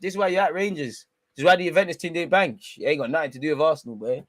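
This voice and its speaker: Young male watch-along host, loose and slangy, with loud teasing bursts. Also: fairly high pitch, rapid-fire, no room sound. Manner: teasing, slangy banter with sudden excited outbursts. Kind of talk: live football watch-along commentary.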